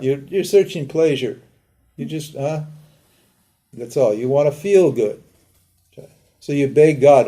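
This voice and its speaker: A man's voice: mid-range voice, measured pace, pauses often, dark tone. An older man teaching a live lecture in a conversational way, asking rhetorical questions and acting out pleading prayers. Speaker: Vedanta teacher.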